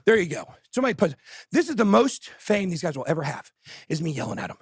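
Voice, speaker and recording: A man hosting a show, shouting angry, fired-up insults in a breathless rant. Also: high voice, big pitch swings, fast, breathy edge, no room sound, clean studio sound. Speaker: host. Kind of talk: ranting livestream talk.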